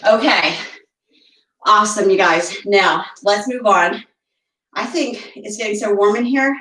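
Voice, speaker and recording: Slow-paced woman leading a workout. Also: medium pitch, fairly bright tone, reverberant, far from the mic, rough recording. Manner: encouraging, counting reps, chatty asides. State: slightly out of breath. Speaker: fitness instructor. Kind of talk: guided workout instruction. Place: room at home.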